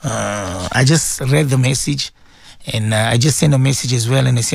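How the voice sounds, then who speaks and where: A man hosting a casual radio talk show as a Muslim cleric, rambling and repeating words with sudden jumps in pitch. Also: moderate pace, gravelly, no room sound, clean studio sound.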